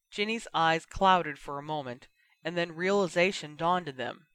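A man narrating a fan fiction audiobook in a steady, expressive storytelling manner. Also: on the high side, moderate pace, clear, resonant tone, dry recording. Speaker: reader.

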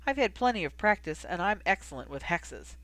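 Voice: mid-range voice, sing-song, brisk, a bit bright, dry recording. Feisty teasing young woman in an audiobook, read by the narrator, dry close sound. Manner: teasing, defiant. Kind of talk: audiobook character reading.

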